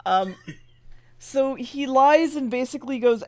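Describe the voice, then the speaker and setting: Animated, higher-voiced woman recapping a show. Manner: swearing, animated retelling with quick character voices. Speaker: podcast co-host recapping an episode. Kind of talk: casual chat.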